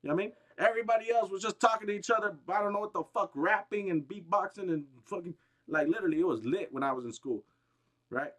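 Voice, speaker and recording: A gaming streamer delivering a heated, rambling, profane rant, restarting sentences often and bursting out with emphasis. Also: male voice, sits high, fast, a bit bright. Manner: agitated, emphatic outbursts.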